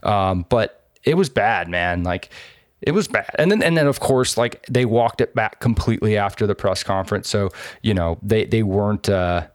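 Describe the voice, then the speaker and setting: A man hosting a casual political chat, animated, sarcastic and swearing freely, with lots of fillers. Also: on the low side, normal speed, dry recording, clean studio sound.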